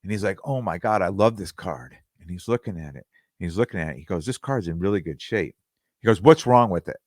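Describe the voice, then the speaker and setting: A man with a very low voice tells a long story in a rambling, conversational way. He restarts often and acts out bits of dialogue. The recording is dry and close, with no room sound. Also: lively intonation, brisk, no room sound. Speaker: podcast host. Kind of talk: casual storytelling monologue.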